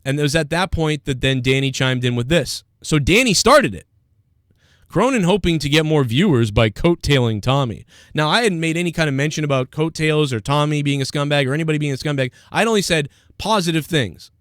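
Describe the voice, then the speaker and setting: A man's voice: a little high, expressive, fairly quick, a bit bright, no echo, clean studio sound. A man hosting a livestream, ranting in an aggrieved tone and reading out chat comments. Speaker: livestream host.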